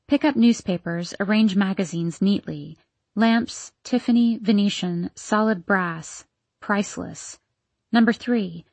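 A woman reading the lines of a bitter, scheming nurse in an audiobook, with a sharp, resentful manner. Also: mid-range voice, vocal fry, no echo. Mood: listing.

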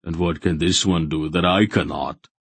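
A man's voice: deep voice, steady tone, moderate pace, gravelly, husky, dry recording, heavily acted. A man voicing a blunt, impatient giant of a warrior in an audiobook. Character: huge red-bearded male warrior, blunt and gruff. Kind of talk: audiobook character voice.

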